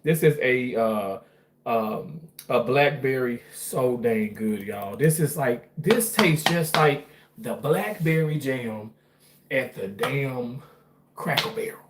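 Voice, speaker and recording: A cooking vlogger in his home kitchen rambles chattily about what he's making, swearing casually as he goes. His medium-pitched voice moves slowly and sounds distant and off-mic in an echoey room with faint noise.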